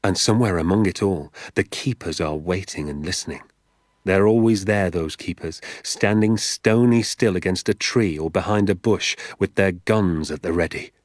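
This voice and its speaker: A man doing a secretive, eager father in an audiobook, his voice deep and husky as he leans in to share a family secret. He speaks in a hushed, confiding way and often sinks into a whisper. The sound is close and dry. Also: normal speed, no echo. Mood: hushed explaining. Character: secretive, enthusiastic middle-aged father. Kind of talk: audiobook character voice.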